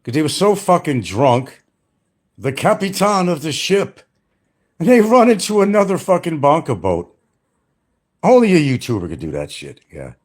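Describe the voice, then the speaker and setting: On a relaxed, rambling livestream, a retired older man speaks bluntly and with plenty of profanity, laughing a lot and making fun of people. His voice runs on the high side, with big pitch swings and a moderate pace.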